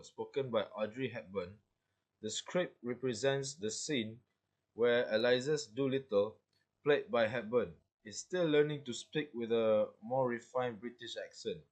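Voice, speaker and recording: A young man reading a prepared class presentation from a script, with occasional slips. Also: mid-range voice. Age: young adult. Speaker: student.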